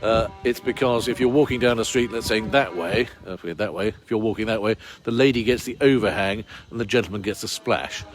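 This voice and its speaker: A man's voice: lowish voice, brisk, few pauses. Rambling man with a posh English accent. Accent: English received pronunciation. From Bristol, England. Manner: chatty, rambling, many uh fillers, wry asides. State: cold outdoors. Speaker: tour guide. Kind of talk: walking tour talk to camera. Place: outdoor street in a town centre.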